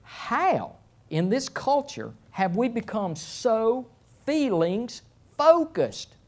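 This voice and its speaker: A middle-aged man preaching a sermon as pastor, speaking slowly and deliberately. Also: extremely high pitch, big pitch swings, darkish tone. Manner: slow, deliberate delivery.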